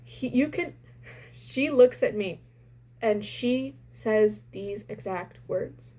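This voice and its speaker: A young adult woman casually telling a story from her restaurant job, animated and exasperated. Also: medium pitch, slow, poor audio.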